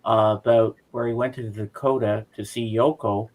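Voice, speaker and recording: A man's voice: on the low side, steady tone, moderate pace, a little mellow, low-quality recording. A man in a casual group chat who tells stories earnestly and from the heart. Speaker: chat guest.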